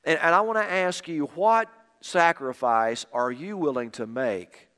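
A man preaching a sermon with emphatic, repeated phrases, dropping quiet on key lines. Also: on the high side, measured pace, smooth. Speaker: pastor. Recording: long reverb of a hall.

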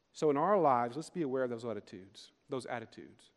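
A man preaching a sermon in an earnest way, rising for emphasis and slowing on key phrases. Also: mid-range voice, lively intonation. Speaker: pastor. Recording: long hall reverb.

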